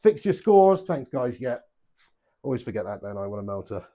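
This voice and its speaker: A man's voice: medium pitch, sing-song, moderate pace, mellow. A man playing darts live, chatting to viewers and reading out their messages, joking, swearing freely and laughing a lot. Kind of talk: live stream banter, reading out chat. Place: home darts setup.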